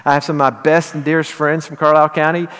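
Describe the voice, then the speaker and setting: A middle-aged man with a Western Kentucky accent, preaching from a church sanctuary. His voice sits a little higher than most men's and carries a long reverb from the hall. He talks to the congregation in an earnest, conversational way and pushes to emphatic high points. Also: level tone, fast talker, fairly bright tone, clear, resonant tone. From Southern Illinois. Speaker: pastor. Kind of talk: sermon.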